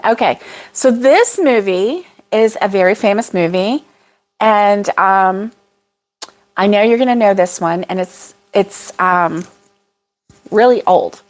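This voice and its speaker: A woman hosting a casual livestream chat with viewers, rambling and laughing often. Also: a little high. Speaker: crochet channel host.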